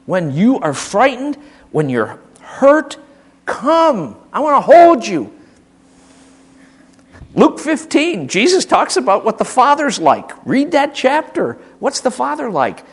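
An older man preaches with real fire, his fairly high voice leaping and plunging across a wide span. He drops to near-confiding asides, then swells into loud, emphatic declarations. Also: husky. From American Midwest. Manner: impassioned, emphatic, swinging from hushed to loud. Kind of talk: sermon.

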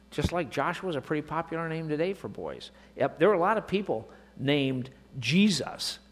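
A man preaching a sermon, moving from quiet asides to slow, emphatic declarations. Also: on the high side. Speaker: pastor. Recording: long reverb of a large hall.

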